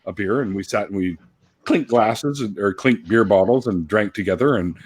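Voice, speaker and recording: A middle-aged man hosting a casual online chat, telling lively stories, laughing often and swearing freely. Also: fairly low pitch, normal speed, breathy edge, dry recording. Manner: animated, laughing storyteller who swears freely. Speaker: host.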